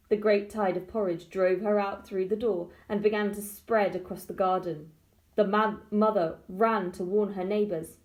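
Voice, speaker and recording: Woman reading a storybook aloud. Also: medium pitch. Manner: slow, expressive and clear. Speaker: early-years teacher.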